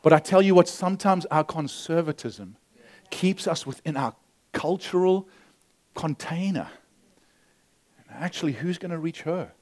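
A male pastor telling a story in a sermon, animated, swinging between loud bursts and hushed asides. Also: on the high side, a little slow, long pauses, dry recording.

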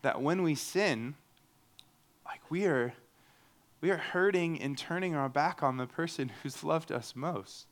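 A man's voice: on the high side, a little slow. A man in his thirties preaching a sermon in an earnest, conversational way, with humorous asides. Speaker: pastor.

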